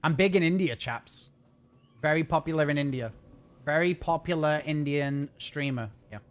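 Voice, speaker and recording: A northern English streamer, accent and all, jokes casually with his gaming livestream audience. He speaks rapidly, restarts frequently, and his voice is a little high.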